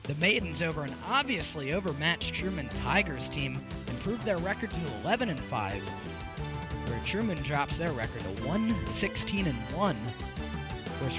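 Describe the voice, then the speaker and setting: A young man doing live play-by-play commentary on a school field hockey game, getting loud and excited on goals. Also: on the high side. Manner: energetic, rises sharply on goals. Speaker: play-by-play announcer.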